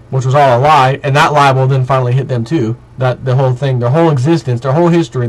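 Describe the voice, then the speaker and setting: A man with a somewhat high voice delivers a heated video monologue to camera. He rants emphatically, stacking up long repetitive lists as he drives each point home. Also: low-quality recording. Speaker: vlogger.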